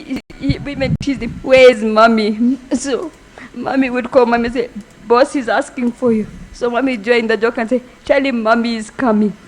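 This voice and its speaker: A woman giving a funeral eulogy for her brother, halting and emotional, speaking softly. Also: fairly high pitch, low-quality recording. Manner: halting, emotional, soft-spoken. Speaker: family member giving a eulogy.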